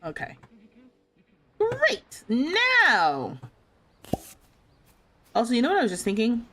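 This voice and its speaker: Young adult woman streamer, bright, very lively pitch, casual game commentary, playful and indignant with chat. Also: slow pace. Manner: animated, laughing, playfully indignant, talks back to chat. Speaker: livestreamer playing a life sim game.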